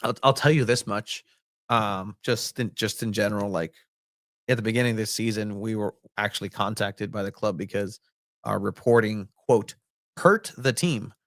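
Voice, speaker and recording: A man's voice: lowish voice, level tone, normal speed, no room sound, studio quality. A young man co-hosting a casual sports podcast, rambling with lots of fillers and jokes. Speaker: podcast co-host and soccer reporter.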